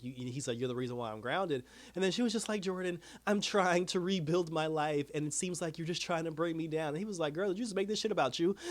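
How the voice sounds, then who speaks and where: A man hosting a casual TV episode review, retelling scenes in an animated way with quoted dialogue and frequent laughs. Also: a little high. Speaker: TV review host.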